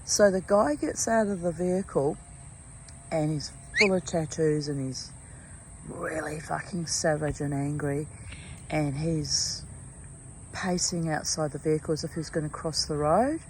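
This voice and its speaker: Low-voiced woman telling a story outdoors. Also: measured pace, noisy background. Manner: animated, swears freely, trails off and restarts. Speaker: vlogger. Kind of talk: casual storytelling.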